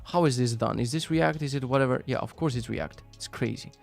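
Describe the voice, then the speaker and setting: A man's voice: medium pitch, brisk, creaky, few pauses, no room sound, faint music behind. Sarcastic, swearing male streamer. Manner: profane, sarcastic, swings between loud rants and mumbled asides. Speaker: live-stream host. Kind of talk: casual live-stream chat reading viewer links.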